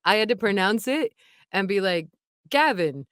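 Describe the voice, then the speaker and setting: A woman's voice: medium pitch, moderate pace, clean tone, dry recording, clean studio sound. A young adult woman, an audiobook narrator, chatting casually as an interview guest with lots of fillers and frequent laughter.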